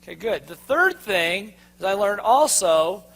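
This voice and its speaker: In a hall with long reverb, a man runs a live sales seminar, posing fill-in-the-blank questions to the crowd. He speaks at a measured pace in a high, sing-song, somewhat bright voice.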